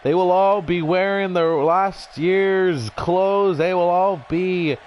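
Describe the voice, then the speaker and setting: A man voicing a vain, arrogant male wrestling champion who cuts a taunting promo over a video game, pompous and now and then shouting. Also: high-pitched, a little hiss or hum, low-quality recording.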